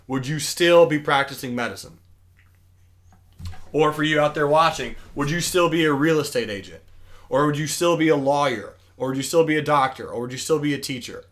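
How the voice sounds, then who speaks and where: A man's voice: on the high side, a bit bright. A man presenting an online webinar for kids, chatty and enthusiastic, often restarting his sentences. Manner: enthusiastic, chatty, self-correcting. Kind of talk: casual online teaching for kids.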